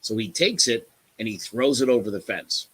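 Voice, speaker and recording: A bright, lively man of middle age spins a story for his co-host, swearing freely and raising his voice to replay his own rants. His tone stays clear and forward. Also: medium pitch, moderate pace. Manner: animated, profane, acts out quotes loudly. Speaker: podcast co-host. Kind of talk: casual storytelling chat.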